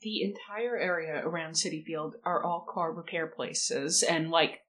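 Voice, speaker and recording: A woman at a tabletop game who cracks jokes through casual banter. Her voice sits low for a woman. She sounds relaxed. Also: measured pace. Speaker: player.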